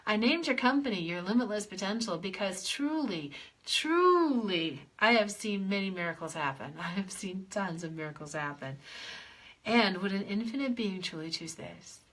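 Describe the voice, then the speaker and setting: A woman life coach hosting a live clearing session, playing with her voice as she swoops high and low through repeated chant-like phrases. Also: very animated, moderate pace, fairly bright tone. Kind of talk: guided clearing session on a livestream.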